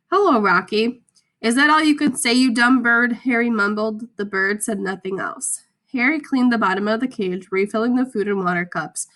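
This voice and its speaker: A woman reading a children's story aloud, with clear, expressive storytelling. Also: medium pitch.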